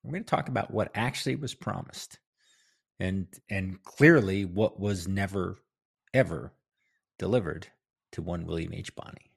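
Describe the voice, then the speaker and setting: A man's voice: sits low, normal speed, vocal fry, breathy edge. A man hosting a casual history talk, rambling and chatty with many fillers and restarts. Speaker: podcast host.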